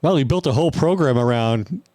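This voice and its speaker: A male podcast host with a medium-pitched voice asks questions in a relaxed, chatty way. The sound is close and dry, with no room echo. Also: brisk. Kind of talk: casual interview questions.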